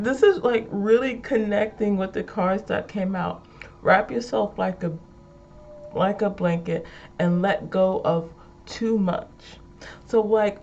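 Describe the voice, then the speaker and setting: A playful, high-energy woman reading affirmation cards aloud, giggling and repeating each line with emphasis. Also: gravelly, darkish tone, dull audio, a little hiss or hum. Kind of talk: casual spoken affirmations.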